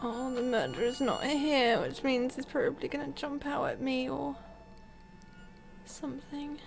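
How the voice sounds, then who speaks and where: A woman with a high voice gives let's play commentary in a slow, unhurried way. She sounds nervous and jumpy, often dropping to a whisper and laughing anxiously. Faint game music plays behind her. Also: creaky. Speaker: gaming video host.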